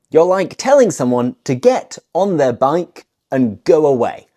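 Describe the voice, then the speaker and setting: A woman from the north of England with a Northern English accent, teaching English phrases in a clear, deliberate way. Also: low voice, big pitch swings, mellow. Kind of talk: scripted language lesson.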